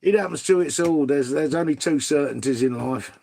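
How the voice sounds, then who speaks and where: A man's voice: a little high, moderate pace, vocal fry, mellow. A middle-aged man hosting a casual livestream, reading out viewers' messages. He calls people mate and son, and swears freely. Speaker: livestream host reading chat. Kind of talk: casual live chat.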